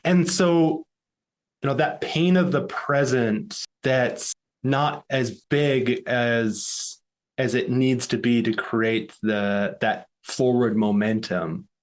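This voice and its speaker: A man's voice: mid-range voice, takes it slowly. A man hosting a podcast, asking thoughtful interview questions and searching for his words as he goes. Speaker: podcast host.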